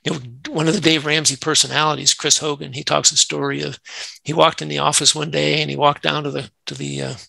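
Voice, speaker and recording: A man's voice: on the high side, little pitch movement, quick pace, vocal fry, bright, forceful tone, dry recording, low-quality recording. A man, a nonprofit CEO, talking earnestly in an interview and telling workplace stories. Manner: earnest, acts out quoted dialogue in anecdotes. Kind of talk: conversational interview storytelling.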